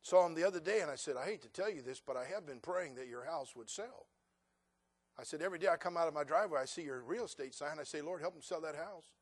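High-voiced folksy preaching pastor. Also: male voice, quick pace, husky. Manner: folksy storytelling, rising to loud emphatic preaching. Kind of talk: sermon.

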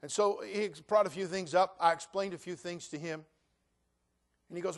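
High-voiced man in his sixties preaching. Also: fairly even intonation, moderate pace. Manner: humorous storytelling, building to loud preaching. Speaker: pastor. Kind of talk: sermon.

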